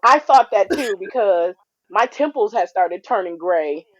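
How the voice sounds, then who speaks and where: A woman in her forties co-hosting a podcast, a blunt, profane and animated storyteller in casual chat. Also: medium pitch, a little slow, rough recording. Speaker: podcast co-host.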